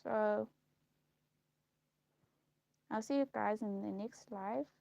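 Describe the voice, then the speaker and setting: A woman speaking a halting, repetitive personal monologue on a live stream, slow and heavy in delivery. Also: mid-range voice, gravelly, a little mellow, no room sound, dull audio. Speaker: livestream host.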